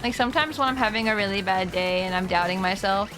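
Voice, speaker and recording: With music in the background, a young woman talks fast in a medium-pitched voice during a casual live game stream. She chats with her viewers, laughing frequently while also getting emotional and teary.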